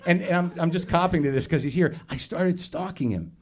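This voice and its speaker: A man with a slightly higher-than-usual voice rambles through a self-deprecating stand-up story, swearing freely and restarting his sentences. He is on a live comedy theater stage, talking into a stage microphone. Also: fairly quick. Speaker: podcast host doing stand-up.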